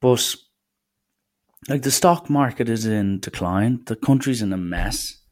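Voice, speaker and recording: A young Irish man hosts a casual solo podcast, rambling along in a sardonic, mock-serious way. His voice is mid-range and somewhat dark in tone, and he takes his time.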